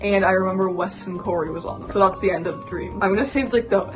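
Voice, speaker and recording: A woman's voice: medium pitch, fast, low-quality recording. A young woman vlogger telling a story casually, with "like" in nearly every phrase. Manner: filler-heavy, constant "like". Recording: music playing behind.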